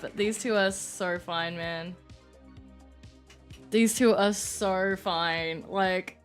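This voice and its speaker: A woman's voice: mid-range voice, fairly even intonation, very slow, long pauses. Give me a young woman game streamer, casual and swearing, with faint background music. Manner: flustered, laughing, swears casually. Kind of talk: live-streamed game playthrough.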